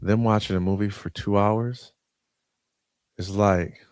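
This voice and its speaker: A man in his thirties hosting a live online community call, shouting out names with slangy, excitable energy and talking casually while sharing his screen. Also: on the low side, takes it slowly, no echo, studio quality. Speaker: host. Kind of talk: hype-filled live community broadcast.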